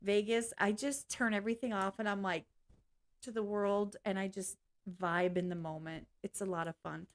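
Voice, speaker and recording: A woman of medium pitch talks at normal speed in a steady tone during a casual livestream rant. She's candid and blunt with her viewers, cursing freely and laughing along the way.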